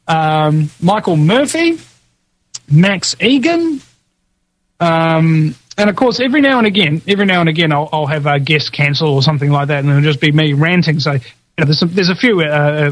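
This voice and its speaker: A man hosting his own podcast, talking casually and rambling through a list of past guests. His voice sits a little high for a man, and he fills the gaps with "uh" and small chuckles. The recording is dry and close, with no room sound. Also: fairly quick, no echo. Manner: rambling, filler-heavy, chuckling asides. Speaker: podcast host.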